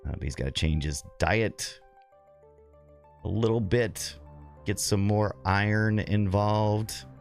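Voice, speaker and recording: A man's voice: on the low side, slow, pauses often, soft background music. A middle-aged man streaming a retro game, chatting casually, rambling and laughing while reading his chat.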